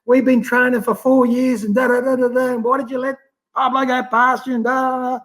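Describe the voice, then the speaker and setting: A man imitating his excitable male swim coach, ranting and scolding. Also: extremely high pitch, rapid-fire, pitched above the performer's own voice. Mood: berating. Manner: ranting, then gleeful.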